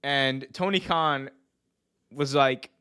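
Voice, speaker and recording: A man co-hosting a casual wrestling podcast, slangy and animated, laughing often. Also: mid-range voice, slow pace, clean tone. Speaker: podcast co-host.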